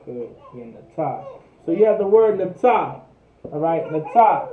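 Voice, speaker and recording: High-voiced man teaching, tinny and echoey. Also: big pitch swings, unhurried, a little hiss or hum. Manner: repetitive, drills each word, thinks aloud. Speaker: class teacher. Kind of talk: livestreamed language class. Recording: echoey, distant, tinny phone-like sound.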